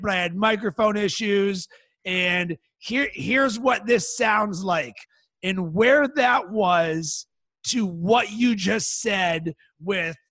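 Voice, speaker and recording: High gravelly enthusiastic man. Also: a bit bright, no echo. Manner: enthusiastic, emphatic. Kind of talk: casual conversation.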